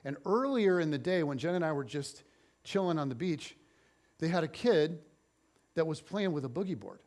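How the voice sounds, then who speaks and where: A middle-aged man preaching as a pastor, telling a story and acting out the voices in it. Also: a little high. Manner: animated storyteller, acts out quotes. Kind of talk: sermon storytelling.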